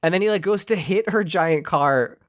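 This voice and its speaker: Laughing, animated podcast co-host. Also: mid-range voice, normal speed, no room sound, studio quality. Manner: animated storytelling with frequent laughs. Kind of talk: casual movie chat.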